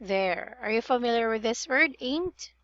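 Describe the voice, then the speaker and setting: Woman, pronunciation tutor, unhurried, corrective, somewhat muffled call audio. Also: a little high, lively intonation, a bit bright, dry recording. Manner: patient, drills words and corrects vowels. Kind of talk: online one-on-one tutoring.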